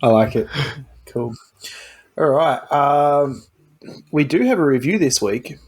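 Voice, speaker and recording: A man hosting a casual podcast chat, relaxed, reading the show plugs at the end. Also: fairly high pitch, takes it slowly, breathy edge. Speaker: podcast host.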